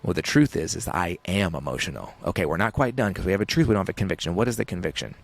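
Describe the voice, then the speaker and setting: A man's voice: low voice, expressive, rapid-fire, creaky, dry recording. A man in his thirties, an author talking as a guest in an interview, intense and emphatic, repeating phrases for effect. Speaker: author and podcast host, guest. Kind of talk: interview guest on a talk show.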